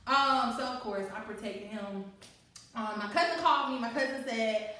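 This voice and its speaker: A young adult woman telling a personal story to listeners in a candid, animated way, often laughing and talking straight to them. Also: a little high, moderate pace, recorded from a distance. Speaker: co-host. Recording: very echoey room, away from mic.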